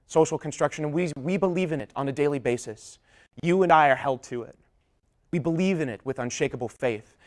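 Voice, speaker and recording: A young man giving a public talk, telling a personal story, whose voice trails off low at the ends of his sentences. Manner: storytelling with shifting volume, drops low at line ends. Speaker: public speaker.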